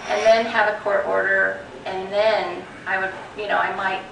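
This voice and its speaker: Woman guest speaker, gravelly and bright, animated storyteller; echoey room, off-mic. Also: mid-range voice, moderate pace, noisy background. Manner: animated retelling with many restarts and quoted dialogue. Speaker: guest speaker at a property-rights group meeting. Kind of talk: personal storytelling talk. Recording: echoey room recording from a distance.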